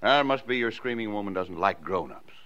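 A low-voiced small-town father on a dull old radio broadcast, patient and gently teasing. His speech swings lively in tone as he soothes and humors his child, in 1940s radio acting. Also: fairly quick. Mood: humoring.

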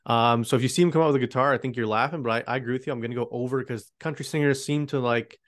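A man hosting a sports betting podcast, briskly running through the lines and asking his co-host for picks in casual chat. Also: mid-range voice, steady tone, fairly bright tone.

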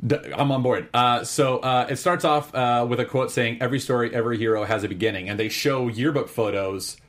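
A young man in casual chat, excitedly recapping a film scene by scene with lots of fillers and restarts. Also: medium pitch, a little fast. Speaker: podcast co-host.

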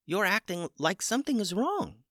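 A man voicing a small, bewildered young male chicken who has just learned to talk, raising his voice into a high, puzzled tone. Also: big pitch swings, moderate pace, fairly bright tone, dry recording, studio quality, heavily acted.

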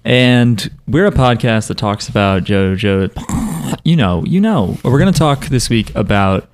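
A man's voice: lowish voice, expressive. Laid-back young man co-hosting a podcast. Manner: laid-back, rambling, quick to joke. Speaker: podcast co-host. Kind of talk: casual chat. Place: apartment room.

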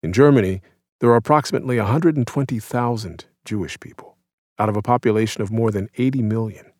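A man in his thirties from the United States, reading his own essay aloud in a measured, reflective and somber way. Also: on the low side, a little mellow, no room sound, clean studio sound. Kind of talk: scripted narration.

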